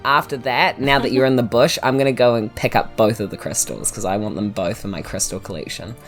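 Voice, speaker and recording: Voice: medium pitch, fairly quick, soft background music. A New Zealand player in a tabletop game, talking playfully and chattily. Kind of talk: casual tabletop play.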